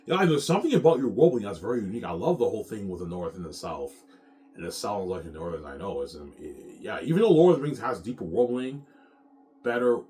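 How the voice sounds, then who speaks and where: A man's voice: fairly low pitch, darkish tone. A man casually rambling about his own novel, stumbling over repeated restarts and swearing freely as he boasts about it.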